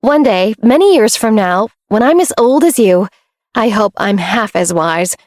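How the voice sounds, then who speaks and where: A scheming young woman who hides her plotting behind a meek, sugary voice, read by a woman narrator. Her lines stay soft and falsely sweet, with a dry, close storybook sound. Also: medium pitch, animated, unhurried, no room sound, natural voice.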